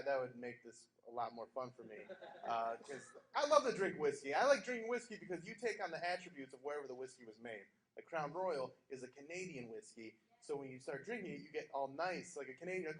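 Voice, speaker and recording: A man's voice: a little high, fairly bright tone. A man doing a stand-up set on a small theater stage, telling jokes drily and slipping into mock voices. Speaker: stand-up comic. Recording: echoey theater with noise.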